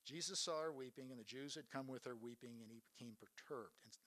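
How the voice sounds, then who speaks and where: A man's voice: mid-range voice, quick pace, a bit bright. A man preaching a sermon, retelling Bible stories in an earnest way and asking his listeners rhetorical questions.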